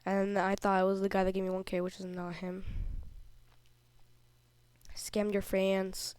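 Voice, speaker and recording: A prepubescent child who is a little sick rambles indignantly through a vlog, commenting over screenshots as a video creator. The smooth, clear voice holds a flat, level pitch at a measured pace. The recording is close and dry, with almost no room sound and no echo.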